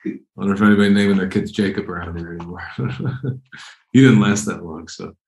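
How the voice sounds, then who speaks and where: A man's voice: low voice, brisk, gravelly, a little mellow, roomy sound, rough recording. A man preaching a conversational, emphatic sermon, often repeating phrases as he explains Bible verses. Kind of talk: expository sermon.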